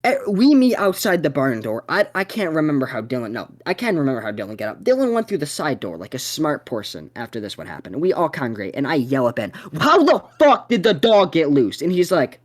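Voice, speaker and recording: A young man hosting a podcast, telling a story in a profane, excitable way. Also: medium pitch, fast talker, hardly any pauses. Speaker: podcast host.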